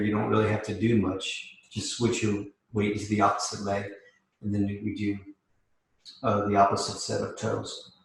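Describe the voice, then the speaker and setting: A man leading a live mobility class as yoga instructor, calmly cueing each step while demonstrating. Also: lowish voice, gravelly, a little hiss or hum. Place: yoga studio. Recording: echoey room.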